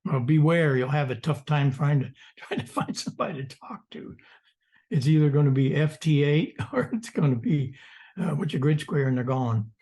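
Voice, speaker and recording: Older male guest speaker, husky tone, lively yarn-spinner on a video call. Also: a little high, normal speed. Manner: animated, storytelling, mock-indignant asides. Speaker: guest presenter.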